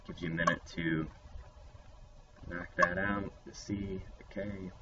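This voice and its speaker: A man with a low, level voice teaches young children a phonics lesson, unhurried yet playful and upbeat. The lo-fi recording sounds dull and distant, with faint noise.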